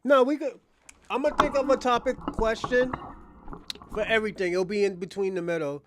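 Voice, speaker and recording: Guy with a high voice rambling on a stream, cusses a lot, keeps restarting his sentences. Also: steady tone, moderate pace, noisy background. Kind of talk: casual chat.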